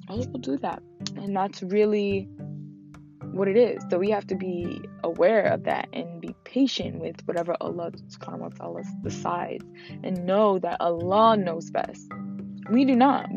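A young woman talks alone into her podcast mic, earnest and emotional, often pausing as she speaks. Her voice has a gravelly fry to it. The recording is muffled and lo-fi, with music clearly playing underneath. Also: mid-range voice, animated. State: fasting. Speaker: podcast host. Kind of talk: reflective solo podcast talk.

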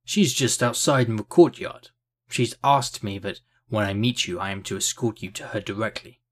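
A stern captain of the guard speaks in a deep, stoic voice, measured and firm, as a male narrator puts him on. His tone sits low. He sounds like a seasoned soldier from a fantasy storybook. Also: a bit bright.

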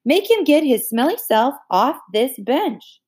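A woman voicing a whiny young girl who pleads and complains in a high voice. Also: very animated, unhurried, darkish tone. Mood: whining. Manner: whining, pleading.

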